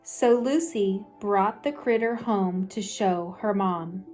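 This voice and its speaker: A woman reading a picture book aloud with expressive storytelling, faint music underneath. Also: medium pitch. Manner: slow, lively expressive reading. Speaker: guest reader.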